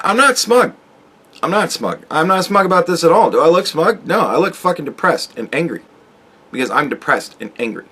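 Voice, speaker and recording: A man's voice: fairly high pitch, a bit bright. A man in his forties, a YouTube commentator ranting sarcastically with heavy profanity straight at the viewer. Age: 40s.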